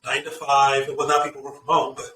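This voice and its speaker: A middle-aged man talking as an interview guest, telling career stories and giving earnest, animated advice. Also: mid-range voice, quick pace, recorded from a distance, a little hiss or hum. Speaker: guest executive. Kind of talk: casual interview chat. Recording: echoey room, off-mic, faint ambience.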